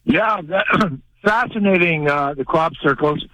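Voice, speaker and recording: A man's voice: fairly high pitch, unhurried, sharp tone, no echo. A man from Canada calling in to a radio show, rambling and hesitant with many fillers. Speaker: caller. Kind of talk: phone-in call. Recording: dull dry phone line.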